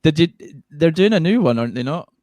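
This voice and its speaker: A man's voice: a little high, expressive, quick pace, darkish tone, no echo, clean studio sound. A man hosting a casual chat, talking loosely and laughing often while asking for recommendations. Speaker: podcast host.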